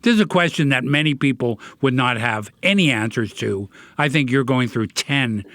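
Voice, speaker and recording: A man's voice: medium pitch, expressive, moderate pace, a bit bright, no echo, studio quality. A middle-aged man hosting a podcast, musing in a reflective, self-deprecating way during casual chat. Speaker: podcast host.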